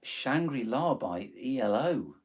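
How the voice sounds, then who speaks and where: A man's voice: medium pitch, big pitch swings, slow, breathy edge. A man with a Nottingham accent chatting on a live stream, rambling and hesitant with lots of ums and self-corrections as he takes song requests. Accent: Nottingham, East Midlands English. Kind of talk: casual live-stream chat.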